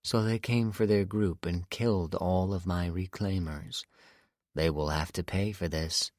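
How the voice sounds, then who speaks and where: A man's voice: low voice, steady tone, measured pace, a little mellow, no echo, studio quality. A male narrator voicing a cold, menacing woman who leads a gang, speaking in clipped, threatening lines. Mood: cold menace.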